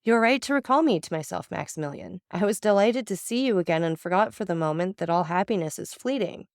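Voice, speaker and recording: A sorrowful nobleman speaks in a calm, measured, earnest voice, as a woman reads him aloud in an audiobook. The sound is dry and close, with no room around it. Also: fairly low pitch, dry recording. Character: grave, melancholy adult male count. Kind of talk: audiobook reading.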